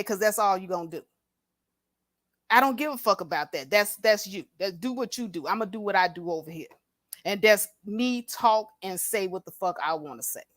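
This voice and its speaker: A woman's voice: medium pitch, a bit bright, dry recording, clean studio sound. A woman hosting a livestream, speaking bluntly and confrontationally with heavy profanity into a plug-in microphone. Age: adult with a grown daughter. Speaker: livestream host. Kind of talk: unscripted livestream commentary.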